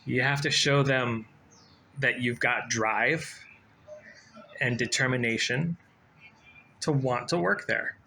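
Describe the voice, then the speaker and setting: A man in his forties talking casually to camera, giving job-hunting advice in a rambling, low-key way with frequent fillers and restarts. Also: slow pace, creaky, long pauses, bright, forceful tone, slight background noise, rough recording. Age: 40s.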